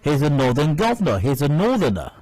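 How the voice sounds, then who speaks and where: A man's voice: fairly high pitch, big pitch swings, brisk, a little mellow, no echo, soft background music, low-quality recording. A Nigerian man hosting a radio show, giving indignant, emphatic commentary and repeating phrases for stress. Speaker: radio host. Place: radio studio. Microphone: studio mic.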